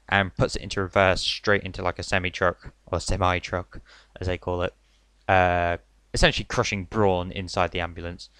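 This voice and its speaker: A man's voice: low voice, level tone, normal speed, a bit bright, clear, resonant tone, no echo. A young man reviewing a wrestling event in a casual, rambling way, full of "like" and "literally". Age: young adult. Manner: chatty, filler-heavy, says "like" and "literally" a lot.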